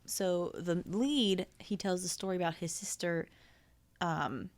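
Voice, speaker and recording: Young woman telling a story, lowish voice. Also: takes it slowly. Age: young adult. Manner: relaxed storytelling with fillers. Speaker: podcast guest. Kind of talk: casual chat.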